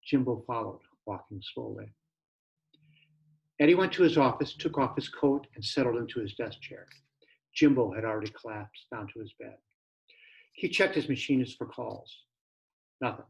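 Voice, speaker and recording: A man, the author, reading his own novel aloud in plain, steady narration. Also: medium pitch, normal speed, vocal fry, long pauses, highs cut off. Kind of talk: audiobook narration.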